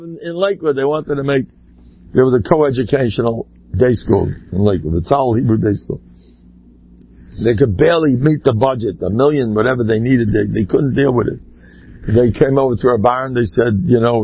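An older man giving an animated religious talk, full of Hebrew and Yiddish words, swinging from low murmurs to high cries. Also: moderate pace, breathy edge, no echo, dull audio. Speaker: speaker giving a Torah talk.

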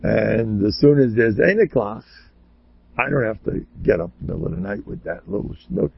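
Gravelly older man telling rambling stories. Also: on the low side, big pitch swings, normal speed, dry recording, muffled recording. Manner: chatty and joking, jumps to loud exclamations. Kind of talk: rambling storytelling sermon.

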